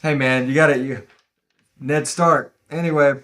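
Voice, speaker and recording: A man's voice: fairly high pitch, fairly even intonation, moderate pace, fairly bright tone. A man hosting a podcast in a casual chat, reading listener reviews aloud in a rambling, laid-back way and often stumbling over words.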